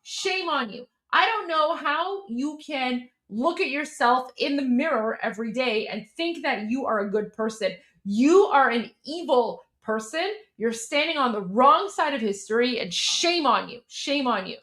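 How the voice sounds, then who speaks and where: A woman's voice: high-pitched, animated, unhurried, hardly any pauses, a bit bright. A young adult woman from Iran, hosting a live stream and reacting to a hearing with heated, scornful commentary, often repeating herself for emphasis.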